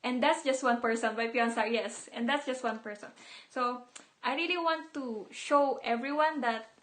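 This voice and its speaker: A woman's voice: on the high side, normal speed, fairly bright tone. A young woman idol talking casually on a livestream, emotional and rambling, repeating words and mixing in some Tagalog.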